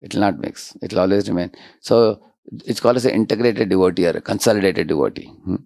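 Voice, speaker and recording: A man giving a devotional lecture, often checking in with his audience with quick rhetorical questions. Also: low-pitched, gravelly, darkish tone, no room sound, clean studio sound. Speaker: spiritual lecturer.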